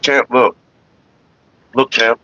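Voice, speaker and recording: A middle-aged man hosting a casual livestream, talking in a rambling, profane way with animated retellings. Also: medium pitch, very slow, dry recording, muffled recording. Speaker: livestream host.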